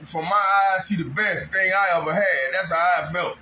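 A man's voice: high-pitched, fairly even intonation, normal speed, pushed and bright, slight background noise, low-quality recording. A man telling a rambling, aggrieved story in casual monologue at home, breaking into raised outbursts. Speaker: vlogger. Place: home kitchen.

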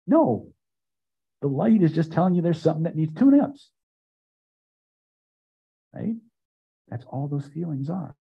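An older man teaching a live self-help seminar, speaking emphatically and building phrases up loud before dropping to a hush. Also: on the high side, sing-song, unhurried, creaky, pauses often, breathy edge, muffled recording. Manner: emphatic, builds repeated phrases to loud peaks then drops quiet. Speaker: hypnosis and self-help trainer. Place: seminar room with audience.

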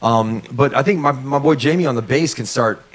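A man's voice: medium pitch, brisk. A man hosting a talk show in a studio, teasing his guests in a loose, brash way. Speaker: host. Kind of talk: casual chat.

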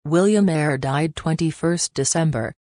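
A woman reading a storybook aloud with a low, slow voice. Her delivery stays steady and unhurried, and the sound is close and dry with no room around it. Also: no room sound. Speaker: narrator. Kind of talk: storybook narration.

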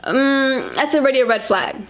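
A woman's voice: high-pitched, lively intonation, moderate pace. Blunt, chatty woman in her thirties. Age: 30s. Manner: blunt, chatty, addresses viewers directly. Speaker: reaction commentator. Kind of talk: casual reaction commentary.

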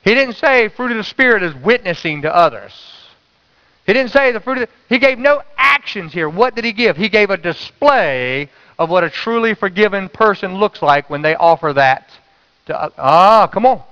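A pastor preaching a sermon in a high, bright voice. He calls out to the congregation for an amen, then drops to a near-whisper when he quotes. The recording sounds slightly dull and lo-fi. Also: expressive, moderate pace, clear, resonant tone, long reverb tail. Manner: call-and-response preaching, swings from loud to hushed.

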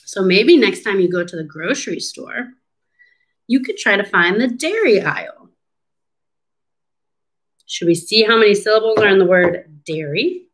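A speech therapist reads a picture book aloud to children as a lesson, going slowly and asking them encouraging questions. Her voice is medium in pitch with lively intonation.

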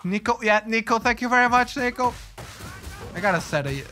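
Excitable British man streaming a game. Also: extremely high pitch, a little fast. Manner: chatty, excitable, greets chat and reacts loudly. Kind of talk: live gameplay commentary. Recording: game music behind voice.

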